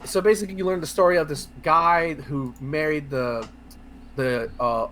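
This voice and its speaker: A man co-hosting a casual video game podcast, talking in a rambling, excitable way with lots of fillers, restarts and swearing. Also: a little high, moderate pace, slight background noise. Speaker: podcast co-host. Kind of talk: casual podcast chat about video games.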